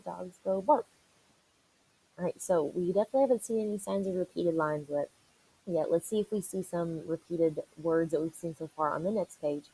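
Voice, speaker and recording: A woman's voice: fairly low pitch, dark tone, breathy edge, low-quality recording. A woman teacher reading a picture book aloud to children, encouraging them and asking and answering questions as she goes. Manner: encouraging, asks and answers questions for young listeners.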